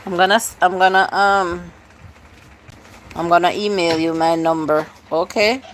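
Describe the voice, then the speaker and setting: A woman's voice: fairly low pitch, steady tone, unhurried, slight background noise. A woman hosting a live stream, chatting casually and answering her viewers' comments one by one.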